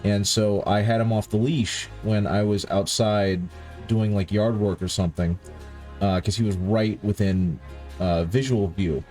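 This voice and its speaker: This tired-sounding stream host, raised in the countryside, rambles to viewers and corrects himself as he paints miniatures. He speaks a little slowly in a lowish, darkish voice with a steady tone, and there's faint music in the background.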